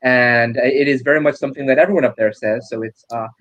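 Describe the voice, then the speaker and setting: A man from upstate New York chatting casually as an actor guest, telling animated stories. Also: medium pitch, fast, dull audio. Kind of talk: casual chat.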